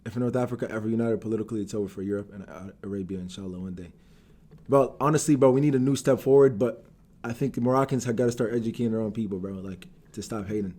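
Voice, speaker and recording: A man's voice: fairly low pitch, quick pace, warm tone. A young man from Algeria ranting on a live stream, heated and swearing, calling everyone "bro". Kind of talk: casual stream rant.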